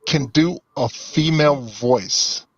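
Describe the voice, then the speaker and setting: A man chatting casually on a drawing stream, animated and quick to laugh. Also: mid-range voice, no room sound. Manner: laughs often, animated storytelling. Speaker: co-host of an art stream. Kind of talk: casual chat. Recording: dull dry sound.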